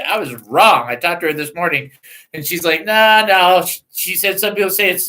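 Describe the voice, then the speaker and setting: A middle-aged man hosting a casual talk radio show, joking and rambling in a self-mocking way and reading out phone numbers slowly. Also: sits high, pushed and bright, low-quality recording.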